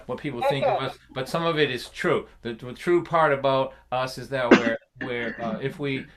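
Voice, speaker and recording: A man telling a funny family story on a livestream, chatty and animated and laughing along as he goes. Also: medium pitch. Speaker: folk singer and storyteller.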